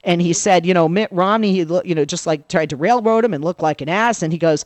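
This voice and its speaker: A woman guesting on a talk-radio show, telling a story with big swings of pitch and acting out the voices of the people she quotes. Her voice sits in the middle of the female range. The sound is dry and close, with no room around it. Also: brisk, few pauses, dry recording. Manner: animated storyteller who acts out quoted dialogue. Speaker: political commentator, radio guest. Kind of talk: lively talk-radio commentary.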